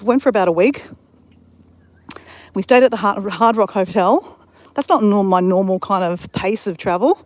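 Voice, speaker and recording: A woman's voice: medium pitch, no room sound. Chatty woman rambling on a hike. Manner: chatty, rambling, greets viewers in chat. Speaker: vlogger. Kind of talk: casual live-stream chat while hiking. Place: outdoors on a bush walk.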